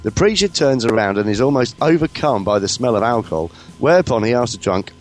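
A man from the UK co-hosting a comedy podcast, his voice swooping over a wide, lively range. He rambles along in a cheeky, casual banter, with faint music in the background. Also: mid-range voice, a little fast. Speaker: podcast co-host.

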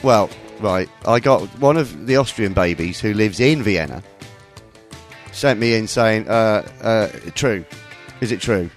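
A man's voice: lowish voice, expressive, unhurried, soft background music. A man hosting a podcast, reading listener emails aloud in casual, jokey chat. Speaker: podcast host.

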